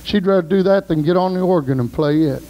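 A preacher delivers a sermon in a high-pitched voice. He tells folksy stories and breaks into shouts of praise. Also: fast, low-quality recording.

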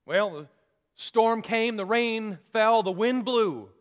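High-voiced pastor preaching in a reverberant church. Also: male voice, unhurried. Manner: preacherly, rising to emphatic declarations. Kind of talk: sermon.

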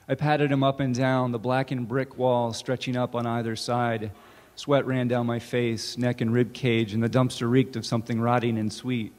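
A man, an author, reading his own fiction aloud in a measured, deliberate way at a campus event. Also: medium pitch, level tone, darkish tone. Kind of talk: literary reading. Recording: reverberant hall.

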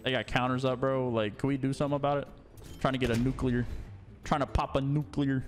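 A young man commenting on his own first-person shooter game play, excitable, mumbling when tense and yelling when things go wrong. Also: medium pitch, fairly quick. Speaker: gaming YouTuber. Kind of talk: live gameplay commentary. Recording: game gunfire and music underneath. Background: game gunfire and music.

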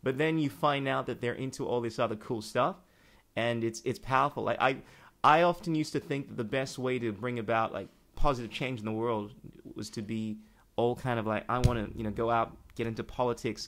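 A man hosts a relaxed podcast conversation in a mid-range voice. He is chatty and joking, and he laughs easily as he talks. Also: medium pitch, a little fast. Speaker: podcast host. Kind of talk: casual conversational interview.

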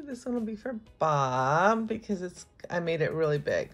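A woman's voice: on the low side, sing-song, moderate pace, few pauses, soft background music, rough recording. A cheerful, chatty woman vlogging on a phone, partly while out on a forest walk, cooing at her dog now and then. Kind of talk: casual chatty vlog.

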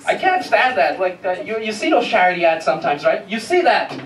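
A man's voice: sits high, very animated, fairly quick. A man doing a stand-up comedy set, profane and rambling, often restarting his sentences. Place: comedy club with live audience. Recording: echoey club, distant mic, loud crowd laughter.

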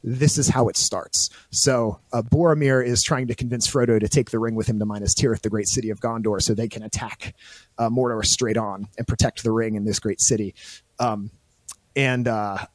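A man's voice: on the low side, fairly even intonation, moderate pace, no echo. A man who is a podcast guest, explaining eagerly in a casual discussion full of fillers and restarts.

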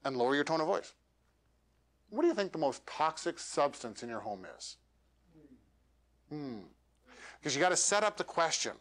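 Animated man coaching a workshop room. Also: fairly high pitch. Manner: animated, uses dramatic pauses and demonstrates lines. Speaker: speaker coaching elevator pitches. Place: meetup room.

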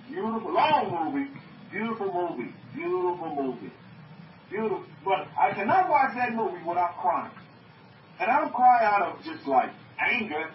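High-voiced man preaching from far off. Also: a little hiss or hum. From North America. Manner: emphatic, repeats phrases, asks the audience questions. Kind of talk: sermon to an online group. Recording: muffled, echoey, from far off.

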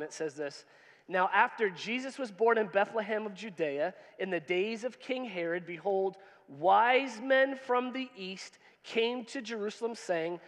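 A man preaching a sermon to his congregation in a casual, joking way, quizzing them and reading scripture. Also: high-pitched. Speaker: pastor. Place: church hall. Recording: long reverb in a church hall.

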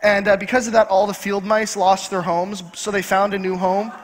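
A male pastor preaching a sermon in a church, driving points home by repeating key phrases slowly. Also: high voice, little pitch movement. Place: church sanctuary. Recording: long church hall reverb.

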